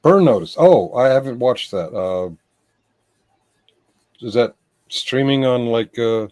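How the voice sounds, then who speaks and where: A man's voice: medium pitch, animated, slow pace, darkish tone, no room sound. American guy hosting a late night stream, rambly, stops and restarts a lot, dry sound. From United States. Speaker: livestream host. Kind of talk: casual livestream chat.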